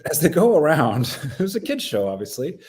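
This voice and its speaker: A man's voice: fairly high pitch, big pitch swings, brisk, darkish tone, slight background noise. A man co-hosting a podcast in casual chat, answering with wry jokes and quips. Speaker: podcast co-host.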